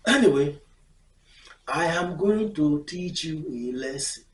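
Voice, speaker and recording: A woman telling a personal story in an expressive way, laughing often and acting out the scenes. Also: low voice, measured pace. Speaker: storyteller vlogger. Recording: echoey room, mic far off.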